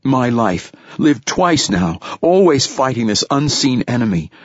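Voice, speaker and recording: A man's voice: low-pitched, lively intonation, a little fast, warm tone, no room sound, dull audio. A man voicing a weary, bitter young woman in a storybook reading, with raised, exasperated outbursts.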